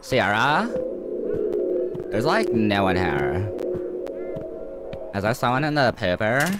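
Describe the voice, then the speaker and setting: A ditzy young female college student with a bubbly Valley Girl drawl, as a man puts her on for a game playthrough. She swoops up and down with every line, high and lively. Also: takes it slowly, over loud music. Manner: breathless ditzy valley-girl speech, lots of "like".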